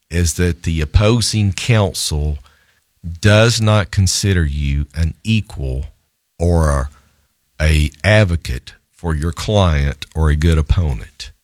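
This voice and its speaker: A male lawyer telling a story in an animated, self-amused way, laughing often as he talks. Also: sits low, no room sound, clean studio sound.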